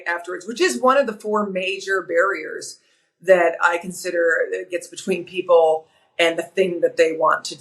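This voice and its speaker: A middle-aged woman, a sports broadcaster and author, speaking as a guest in a podcast interview with an energetic, emphatic way of telling stories. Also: on the low side, low-quality recording.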